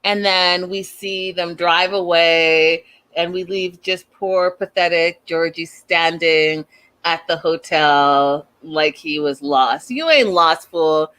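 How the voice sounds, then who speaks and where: A woman hosting a casual recap, talking in an animated, sassy, slangy way. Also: lowish voice, takes it slowly, clean tone. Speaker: host.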